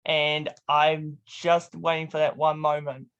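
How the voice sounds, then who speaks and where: A young man hosting a casual interview, playful and quick to laugh. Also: fairly high pitch, level tone, a bit bright, smooth, muffled recording. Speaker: host. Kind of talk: casual chat.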